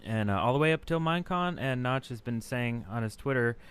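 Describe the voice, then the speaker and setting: A man hosts a casual podcast with a smooth, clear voice that swings animatedly up and down. He moves through news items in a relaxed, chatty way. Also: medium pitch, fairly quick. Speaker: podcast host.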